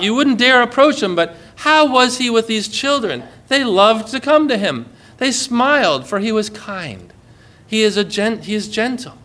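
Bright-voiced, animated male preacher. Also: sits high. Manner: expressive, acts out quoted lines with shifts in volume and pace; warm, conversational asides with light laughs. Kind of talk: sermon.

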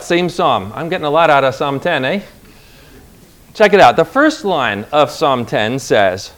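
A man preaching a sermon in a conversational way, putting rhetorical questions to his listeners and pushing his voice up sharply for emphasis. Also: a little high. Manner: emphatic, voice jumps up on acted pleas.

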